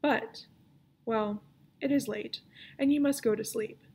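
A woman reading aloud and voicing a stern, wise old grandmother who tells stories in a measured way. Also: fairly high pitch, dark tone, slight background noise.

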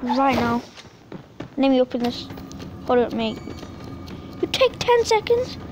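A woman giving excitable, frustrated live commentary on her gameplay, often yelling at opponents. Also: high voice, measured pace, background noise. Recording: voice over game music.

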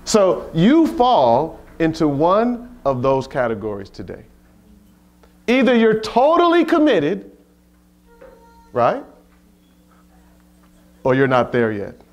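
A man preaches at a retreat in a high voice that leaps up and down. He talks slowly and deliberately, firing rhetorical questions with a playful edge. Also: very animated. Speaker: Bible study leader.

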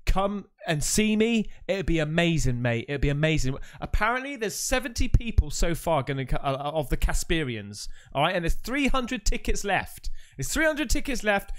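A man hosting a casual unboxing vlog, chatty and excitable, calling his viewers mate. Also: on the high side. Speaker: YouTube host.

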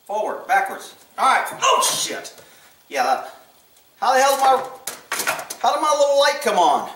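A man's voice: extremely high pitch, big pitch swings, normal speed, fairly bright tone, recorded from a distance. Man muttering and swearing in an echoey room. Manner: mutters to himself, swears freely. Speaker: channel host opening gifts. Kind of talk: casual unboxing chat. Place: room at home with a table. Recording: echoey room, voice off-mic, faint noise.

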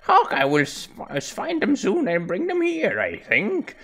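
A man voicing an ancient male sage who speaks slowly and solemnly, in a creaky old-man voice. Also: sits high, wildly swooping pitch, a bit bright, voice pushed up, heavily acted. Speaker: let's play host voicing characters.

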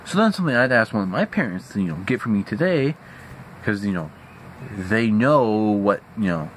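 Young male vlogger, angry profane rant, animated delivery, light background noise. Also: fairly low pitch, moderate pace, poor audio. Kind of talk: venting rant. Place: at home indoors.

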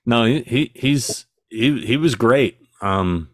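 A man's voice: medium pitch, animated, slow pace, dry recording. A man with a dry, sarcastic sense of humor, telling stories as a guest in a casual podcast interview.

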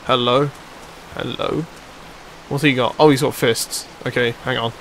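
A young man giving live commentary over his own gameplay, chatty and excitable, swearing and shouting at the players on screen. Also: medium pitch, measured pace, pauses often, a little hiss or hum. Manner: excitable, swears and yells at the game. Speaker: let's play commentator.

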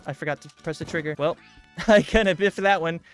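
A man giving let's-play commentary, excitable, gasping and talking to himself as he plays. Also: on the high side, brisk, faint music behind. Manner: excitable, gasps and talks to himself. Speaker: gaming YouTuber.

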